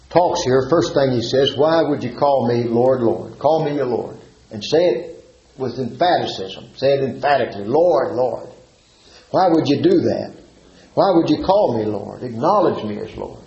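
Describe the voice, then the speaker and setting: A man's voice: mid-range voice, darkish tone. A man preaching a sermon, reading old-style scripture and building to emphatic points. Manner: reads scripture in King James wording, then preaches with rising emphasis. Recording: roomy, slightly dull recording with faint noise.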